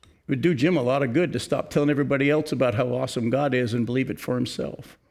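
An older man preaching a sermon, reading scripture slowly and emphatically and then talking to the congregation in an earnest, conversational way. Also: medium pitch, steady tone, creaky, a little mellow. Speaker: pastor.

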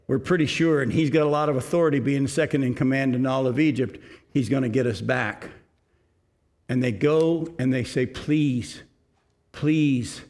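A man preaching a sermon, reading scripture aloud and explaining it to his congregation. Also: mid-range voice. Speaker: pastor.

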